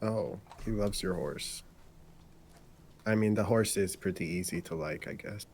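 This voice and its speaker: A man's voice: sits low, unhurried, darkish tone, slight background noise. A man playing a tabletop game, talking in character in a hesitant, sarcastic way. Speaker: player.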